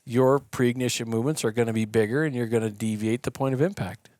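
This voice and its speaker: A man with a mid-pitched voice talks through shooting technique as a podcast guest, lively and chatty. He explains in a casual way and acts out the people he quotes. The sound is dry and close, with no room echo. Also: fast. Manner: animated storyteller, acts out quoted yelling. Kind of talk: conversational explaining. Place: podcast studio.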